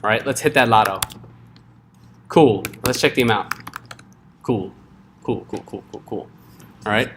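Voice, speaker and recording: A man's voice: fairly low pitch, unhurried, pauses often, a bit bright, a little hiss or hum. Casual joking coding instructor, man. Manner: casual, joking, checks in with "right?" often. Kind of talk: live classroom coding lesson.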